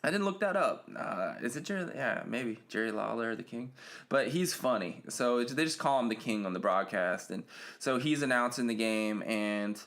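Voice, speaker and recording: A man's voice: medium pitch, animated, normal speed, a bit bright. A man hosting a solo podcast, talking casually and rambling with many fillers and restarts. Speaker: podcast host.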